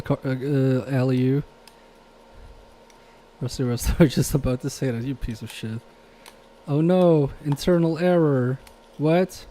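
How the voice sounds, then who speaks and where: A man on a live repair stream talks in an unhurried, unrushed way, tossing jokes and mild swearing at his chat between laughs. His tone is soft and mellow, with a middle pitch, as he chats casually over his work. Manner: joking, swearing banter with chat; laughs often between remarks.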